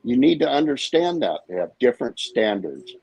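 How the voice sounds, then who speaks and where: A man's voice: mid-range voice, sing-song, normal speed, vocal fry, a little mellow, breathy edge, rough recording. A man co-hosting a live stream, ranting in a brash, profane, confrontational way. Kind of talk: heated live-stream rant.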